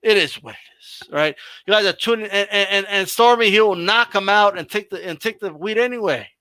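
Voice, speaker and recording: High, bright-voiced man riffing on boxing. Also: brisk, clear, resonant tone, no echo. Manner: animated, swearing, laughing, slangy. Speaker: host. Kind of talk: casual boxing chat on a livestream.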